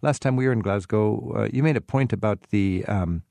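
Gravelly-voiced man hosting. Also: on the low side, fairly quick, a little mellow, no echo. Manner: curious, prompting questions, chuckles often. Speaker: host. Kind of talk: casual interview.

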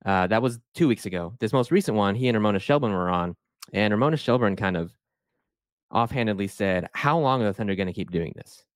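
A man hosting a sports podcast with a low, dry voice close to the mic. He talks animatedly, often breaking off and restarting his sentences. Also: animated, brisk, no echo. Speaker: podcast host. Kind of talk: casual sports podcast chat.

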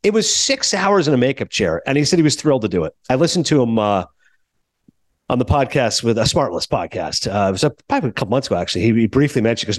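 A man hosting a podcast in casual chat, animated and talkative, jumping from thought to thought. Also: mid-range voice, fast, no room sound. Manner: animated, chatty, jumps between thoughts. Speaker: podcast host.

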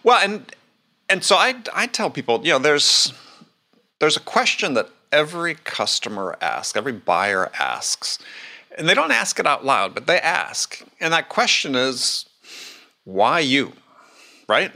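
A man talking as a guest in a relaxed interview, driving his points home with repetition. His voice is gravelly with a forceful, bright edge, and his pitch swings a lot. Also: moderate pace. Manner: emphatic, repeats key phrases. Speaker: sales expert guest. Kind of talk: casual conversational interview.

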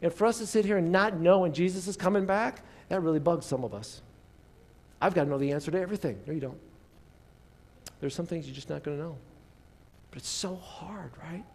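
An American man preaching a sermon in a church service, moving between raised emphatic lines and soft near-whispers and having the congregation repeat after him. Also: on the high side, fast talker. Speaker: pastor.

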